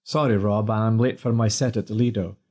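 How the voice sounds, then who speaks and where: A man's voice: lowish voice, fairly even intonation, a little fast, dark tone, natural voice. A man voicing a young struggling singer, weary and seething.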